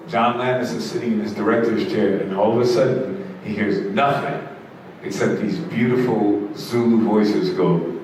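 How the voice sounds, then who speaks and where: A man telling long, animated stories as an interview guest on a conference stage, recorded from a distance in an echoey hall. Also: lowish voice, normal speed. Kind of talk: onstage storytelling interview. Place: conference stage before an audience. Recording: echoey hall, distant mic, crowd and noise.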